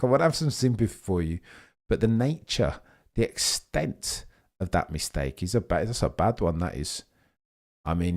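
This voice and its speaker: A young man hosting a live race watchalong, talking excitably and rambling while he reads out viewers' chat comments. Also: low-pitched. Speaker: live stream host.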